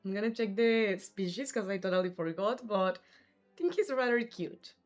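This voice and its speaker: Woman, game streamer, casual chat, replies to viewers, soft music underneath. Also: mid-range voice, lively intonation, moderate pace. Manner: chatty, answers viewers' chat messages. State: has the hiccups. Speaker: livestream gamer host.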